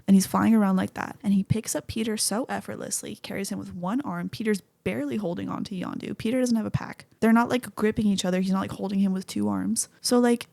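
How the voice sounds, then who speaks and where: A young woman with a gravelly, fry-laden voice hosts a casual podcast, rambling along with plenty of "like" and a few curse words. Her tone is mellow and dark, and the sound is close and dry with no room around it. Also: mid-range voice, no echo. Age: young adult. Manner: rambling and chatty, with lots of "like" and swearing. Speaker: podcast host. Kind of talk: casual podcast movie chat.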